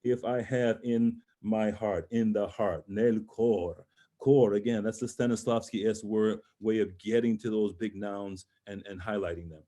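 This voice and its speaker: A man's voice: on the low side, steady tone, a little slow, warm tone. A middle-aged man teaching an online voice master class over a video call, encouraging and talking through phrasing with short sung examples.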